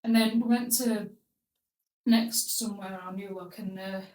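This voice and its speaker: A woman's voice: mid-range voice, steady tone, a little slow, darkish tone, far from the mic. A young woman hosting a podcast, telling her story in a blunt, crude, comic way. She sits a little back from the mic, so her voice carries some room echo. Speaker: podcast host. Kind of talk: casual storytelling chat. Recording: roomy, a bit off-mic.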